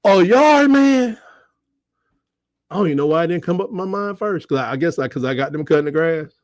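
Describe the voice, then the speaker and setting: A middle-aged man hosting a casual sports livestream. He jokes and reads out chat comments, and his voice breaks into high squeals. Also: lively intonation, fairly quick, a little mellow, no room sound, studio quality.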